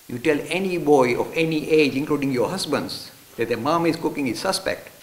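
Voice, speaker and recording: Lively man lecturing w stories, slightly high voice, roomy hall, faint hiss. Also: a little fast, few pauses. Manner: animated, acts out characters. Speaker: religious studies lecturer. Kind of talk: storytelling lecture to an audience.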